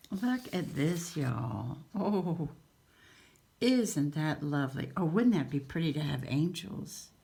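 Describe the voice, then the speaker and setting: A woman's voice: fairly low pitch, gravelly, slight background noise. A woman hosting a casual craft haul, gushing and cooing over each item as she shows it at home. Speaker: craft channel host. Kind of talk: casual haul show-and-tell.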